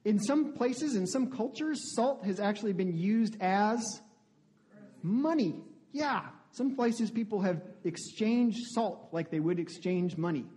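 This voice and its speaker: A man's voice: high-pitched, animated, unhurried, mellow. A male pastor giving a conversational sermon, often asking the congregation questions. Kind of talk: interactive sermon.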